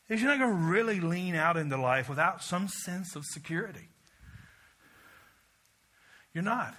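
A man preaching a sermon as pastor, telling a story with acted-out voices, swinging from loud shouts to quiet asides. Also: high voice, breathy edge.

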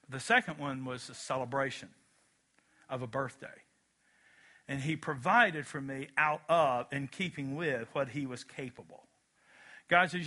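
A man pastor delivering an emphatic, animated sermon, acting out little scenes as he preaches. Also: medium pitch, normal speed.

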